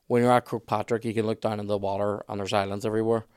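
A man with a Northern Irish accent, co-hosting a casual comedic history chat, rambling and halting. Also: on the low side, little pitch movement, a little mellow, smooth, no echo, clean studio sound. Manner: rambling, halting, restarts often. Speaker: podcast co-host.

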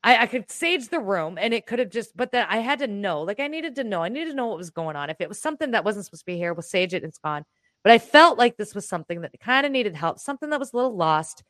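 Woman rambling through a story at home, animated, swears a bit, dry close sound. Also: mid-range voice, quick pace, no room sound. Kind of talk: casual chat, telling a personal story. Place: room in her home.

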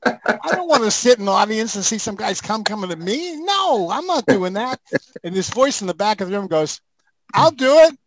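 An older man chatting casually, telling lively stories and acting out the scenes. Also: sits high, brisk, no room sound, poor audio. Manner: animated raconteur, acts out scenes. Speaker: guest. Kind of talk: casual storytelling chat.

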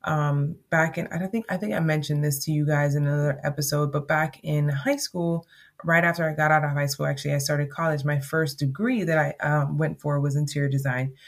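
A woman from Jamaica hosting a podcast, talking through a casual solo monologue in a chatty, rambling way with emphatic repeats. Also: low voice. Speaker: podcast host.

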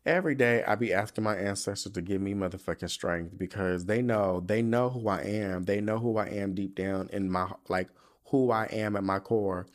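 A man's voice: on the low side, moderate pace. A man hosting a podcast, ranting casually with profanity and rhetorical questions. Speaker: podcast host. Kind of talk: casual venting monologue. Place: home studio.

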